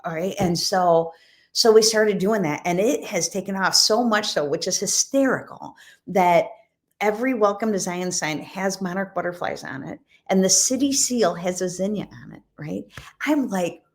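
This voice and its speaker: A woman guest on a podcast, telling a story with lively, acted-out dialogue. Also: medium pitch, normal speed. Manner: animated, acts out quoted dialogue. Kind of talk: casual storytelling.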